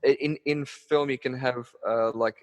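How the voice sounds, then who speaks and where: A man's voice: mid-range voice, steady tone, normal speed. Man in a reverberant room. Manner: rambling, many fillers and repeated yeahs. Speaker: podcast co-host. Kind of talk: casual film discussion.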